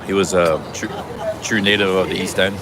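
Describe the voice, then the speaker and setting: Walking through a crowded city street, a low-voiced man chats casually on a travel vlog live stream at a moderate pace. His tone stays steady even as he rambles and keeps restarting, and crowd noise fills the background.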